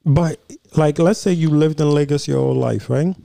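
A man's voice: fairly high pitch, moderate pace, creaky, dark tone, dry recording, clean studio sound. A young man from Nigeria co-hosting a podcast in casual, joking chat, rambling with fillers. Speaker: podcast co-host.

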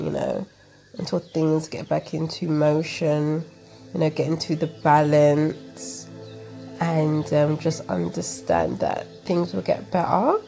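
A woman with a London accent hosts a relaxed call-in chat. She talks slowly with a gravelly, creaky edge and fills her pauses with ums. Faint music plays under her voice. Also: sits low. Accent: London English. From England. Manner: slow and hesitant, many fillers. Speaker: host. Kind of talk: casual chat.

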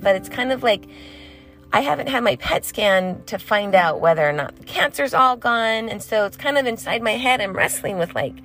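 A woman's voice: on the high side, a bit bright. A young woman giving a casual devotional talk and reading scripture aloud. She is chatty, laughs easily and uses many fillers. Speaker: faith vlogger.

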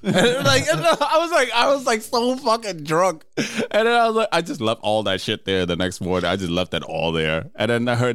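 Animated, laughing young-sounding man. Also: dry recording, clean studio sound. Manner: laughing, profane, wide swings in pitch. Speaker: friend telling stories. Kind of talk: casual chat.

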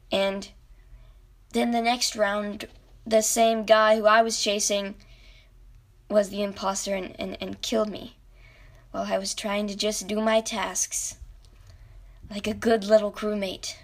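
A young woman telling a rambling, animated story about a video game as a podcast host. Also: medium pitch. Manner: rambling, animated, self-interrupting. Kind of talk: casual storytelling.

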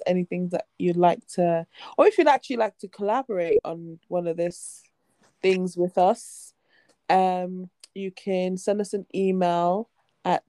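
A woman's voice: fairly low pitch, dark tone, no echo. A young woman from co-hosting a podcast, chatty and teasing, and sounding sleepy. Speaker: podcast co-host. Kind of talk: casual chat.

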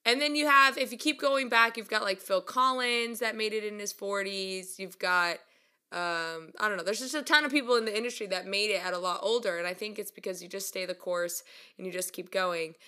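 A young woman telling a story casually and mocking herself, laughing often and jumping up in pitch when she acts out quotes. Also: a little fast, clean tone. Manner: chatty and self-mocking, laughs a lot; animated, voice jumps up when acting out quotes. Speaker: vlogger.

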